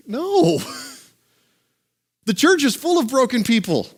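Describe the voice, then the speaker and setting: Lively high-voiced male pastor. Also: slow, long pauses. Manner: conversational and animated, with chuckles and asides. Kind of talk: sermon.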